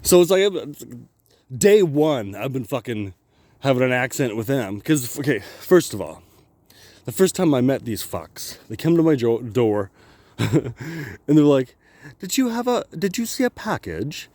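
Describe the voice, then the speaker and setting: A man's voice: medium pitch, lively intonation, unhurried, warm tone, dry recording. A man vlogging a rambling personal story, swearing constantly, laughing often and restarting his sentences.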